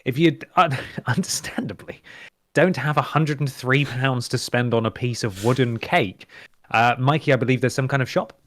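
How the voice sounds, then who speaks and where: A British man at a middle pitch, chatting wryly and rambling on a charity livestream, swearing now and then. His voice sounds close and dry, with almost no room around it. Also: normal speed, fairly bright tone, no room sound. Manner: wry, rambling, swears casually. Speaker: stream co-host. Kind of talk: casual charity stream chat.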